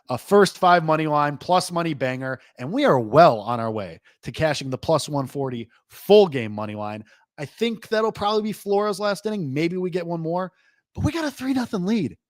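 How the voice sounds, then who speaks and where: A man hosting a live sports betting reaction show, talking loosely and rambling, full of "like", with excitable jumps and low asides. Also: no room sound. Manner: rambling, loose, heavy use of "like"; excitable swings between lively and low asides. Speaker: host.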